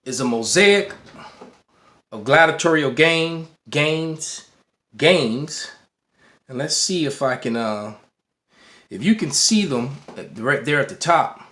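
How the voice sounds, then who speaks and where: A man's voice: fairly high pitch, animated, slow, long pauses, a bit bright. A man teaching to a camera in a casual way, often restarting words and checking in with "all right". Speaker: bible teacher. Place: indoor room. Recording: roomy echo.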